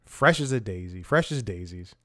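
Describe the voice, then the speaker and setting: A man's voice: lowish voice, animated, moderate pace, sharp tone. A rambling, self-mocking man hosting a show. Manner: rambling, self-mocking, chuckles between sentences. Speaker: comedy podcast host. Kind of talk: casual rambling monologue.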